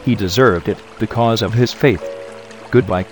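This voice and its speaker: An actor playing a gentle but authoritative holy teacher who speaks in a measured, solemn way in an audio drama. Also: male voice, on the low side, over music, lightly acted. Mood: calm.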